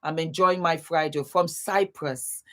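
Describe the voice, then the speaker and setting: A woman's voice: low voice, fairly even intonation, a little slow. Chatty woman hosting a live stream. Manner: warm, chatty, calls viewers baby and beautiful; laughs often. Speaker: YouTube host greeting live viewers. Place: home, seated.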